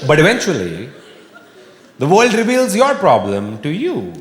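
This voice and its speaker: A fairly high-voiced man doing a stand-up set, his pitch swinging widely as he builds to bits. He talks into a stage mic in a big room with long reverb, with audience laughter and room noise clearly behind him. His delivery is wry and animated. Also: measured pace. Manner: animated, wry, bursts into shouting. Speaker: stand-up comedian. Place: live comedy venue with audience laughter. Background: audience laughter and room ambience.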